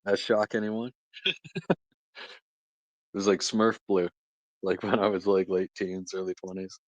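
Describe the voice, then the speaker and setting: A man's voice: low voice, level tone, unhurried, no room sound. A young man filling in as host of a live stream, chatting casually with viewers, laughing often and talking into a phone microphone. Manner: chatty, laughs often, reads and answers chat.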